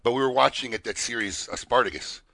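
A man's voice: mid-range voice, quick pace, vocal fry. A middle-aged man co-hosting a radio talk show, telling a story with lots of laughter and acted-out dialogue. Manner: animated storyteller, laughs often, acts out both sides of dialogue. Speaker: radio co-host. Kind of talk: casual radio chat.

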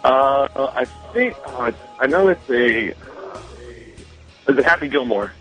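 A man's voice: mid-range voice, animated, takes it slowly, a bit bright, faint music behind, poor audio. A man calling in to a radio show, easygoing and a little hesitant. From San Diego area. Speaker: caller. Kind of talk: call-in chat.

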